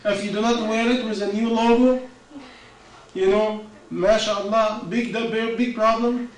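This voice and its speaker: Man preaching, high voice, rhetorical questions, echoey room, distant mic. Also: steady tone, a little slow. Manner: questioning, rhetorical, non-native phrasing. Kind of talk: informal religious talk.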